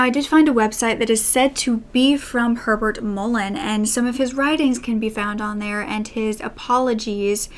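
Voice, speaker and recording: Woman with a high voice, hosting true crime and speaking straight to her viewers. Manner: conversational, asks the audience questions. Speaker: true-crime channel host. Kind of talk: scripted true-crime narration.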